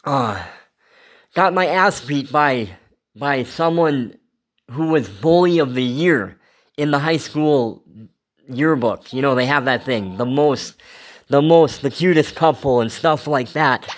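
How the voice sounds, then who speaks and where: A man's voice: medium pitch, takes it slowly. A man telling a rambling, emotional personal story in a casual confessional vlog, swearing freely. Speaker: vlogger.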